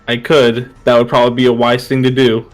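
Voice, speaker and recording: A man's voice: medium pitch, monotone, brisk, faint music behind. Hesitant young man playing a tabletop game. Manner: hesitant, laughs at himself. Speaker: player. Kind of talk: casual tabletop game chat.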